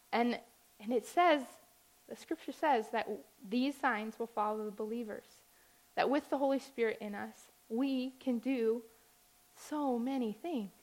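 A woman speaking to a church congregation, telling a story with animated warmth and occasional laughter. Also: fairly high pitch, rough recording. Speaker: missionary speaker. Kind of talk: church talk.

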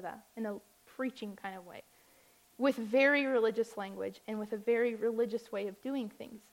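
Woman speaker at a church service, slightly high voice, animated storyteller. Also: rough recording. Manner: animated storytelling, laughs at times. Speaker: missionary speaker. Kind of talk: church talk.

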